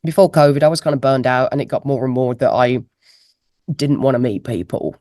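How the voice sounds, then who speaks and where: A woman's voice: extremely low pitch, brisk, a little mellow, no echo, clean studio sound. A woman, a guest musician chatting casually in an interview and laughing at herself, heard through a laptop microphone on a video call. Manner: chatty, laughing, self-deprecating. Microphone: laptop mic on a video call.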